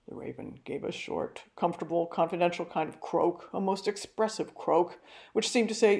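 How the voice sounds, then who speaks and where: An older woman giving a carefully read, measured talk on a novel. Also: fairly low pitch, creaky, darkish tone. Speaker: literary talk presenter.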